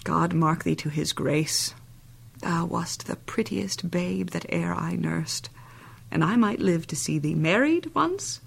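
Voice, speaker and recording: A woman's voice: medium pitch, sing-song, normal speed, creaky, hardly any pauses, slightly rough, exaggerated voice. An actress playing a chattering, bawdy old female nurse who rambles on and laughs at her own jokes in a Shakespeare reading. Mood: rambling. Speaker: actor.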